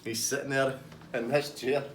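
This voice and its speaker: A Scottish man spinning a rowdy story in an easy, mid-pitched voice, swearing freely and jumping into each person's voice. A faint hiss of background noise sits under him. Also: normal speed. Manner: sweary, animated, acts out every voice. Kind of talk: casual anecdote.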